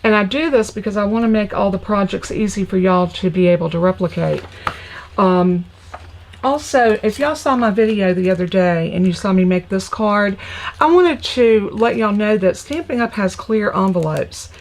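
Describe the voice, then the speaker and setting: A woman's voice: medium pitch, moderate pace, a little mellow, poor audio. A woman hosting a live crafting tutorial, chatty and gushing, greeting viewers as she shows her supplies. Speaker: crafting host.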